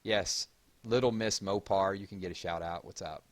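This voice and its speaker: Here a low-voiced man talks at an ordinary pace with a Georgia Southern accent. He's running a relaxed livestream, chatting away while he reads comments and hands out shout-outs.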